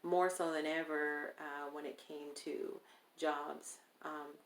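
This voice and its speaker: A woman telling a personal story in a casual interview, animated and acting out the people she quotes. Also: sits low, slow. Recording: roomy echo.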